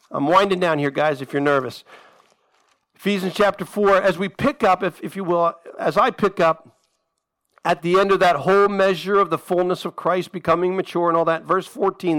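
A man's voice: high voice, a little fast, a bit bright, low-quality recording. A male pastor preaching a conversational sermon, asking the congregation direct questions and repeating phrases for emphasis.

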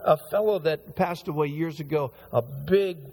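A man preaching a conversational sermon as pastor, his voice a little hoarse and recovering. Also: fairly high pitch, moderate pace, a little mellow. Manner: conversational, rambling with restarts. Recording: long hall reverb.

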